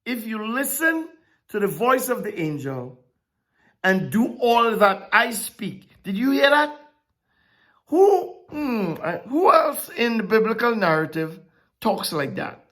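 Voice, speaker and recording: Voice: mid-range voice, big pitch swings, unhurried, a bit bright. A Bible teacher preaching a sermon-style lesson, who asks rhetorical questions and repeats key phrases for emphasis.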